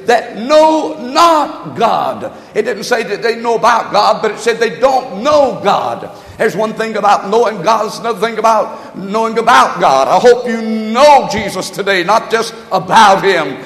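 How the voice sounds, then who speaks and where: A man preaching a sermon as pastor, reading scripture and calling on the congregation, with slowed, shouted emphasis on key words. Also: sits high. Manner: calls to the congregation for amens and note-taking. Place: church sanctuary. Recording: echoey hall, long reverb.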